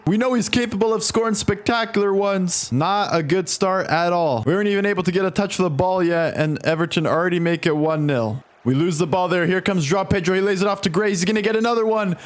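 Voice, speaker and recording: A young man narrates his football video game career in a fairly high voice. He calls the action like a commentator and swings between calm setup and excited or exasperated reactions when goals go in. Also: fairly quick. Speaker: gaming commentator.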